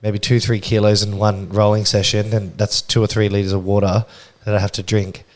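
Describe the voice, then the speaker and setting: A man's voice: fairly low pitch, flat delivery, a little fast. A young man co-hosting a podcast, laid-back and laughing often, swearing freely in casual chat. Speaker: podcast co-host.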